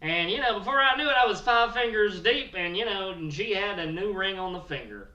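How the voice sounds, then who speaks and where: A man's voice: sits high, expressive, fairly quick, bright, forceful tone, roomy sound, recorded from a distance, muffled recording. A man voicing a crude, boastful redneck who lives in his truck, rambling on.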